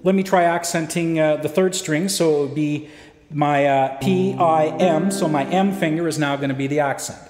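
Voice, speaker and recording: A man teaching fingerpicking technique in a guitar lesson, explaining step by step in a relaxed way with frequent fillers. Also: a little high, moderate pace. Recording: roomy echo with guitar playing.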